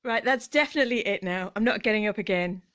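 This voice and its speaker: A woman's voice: medium pitch, fast talker, a bit bright. British woman vlogger in a mid-range voice, chatty and giggly, loose unscripted ramble. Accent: British English. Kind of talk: casual chat.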